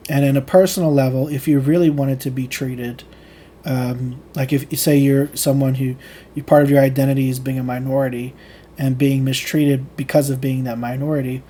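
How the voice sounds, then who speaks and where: Mellow-voiced man explaining at a thoughtful pace. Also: medium pitch, a little hiss or hum. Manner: reflective, explains with frequent ums and restarts. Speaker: channel host reading and explaining lectures. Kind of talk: reading a lecture aloud, then casual explanation.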